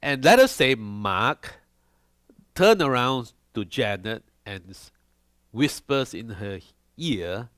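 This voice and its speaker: A man preaching a sermon to a church congregation, animated and often checking in with his listeners. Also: medium pitch, slow pace, no echo, clean studio sound. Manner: animated, asks the congregation questions. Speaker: pastor.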